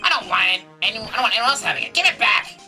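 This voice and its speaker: A woman voicing a grouchy old man who barks and scolds in a gruff voice, with game music behind. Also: medium pitch, big pitch swings, racing, bright, forceful tone, voice pushed up. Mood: angry.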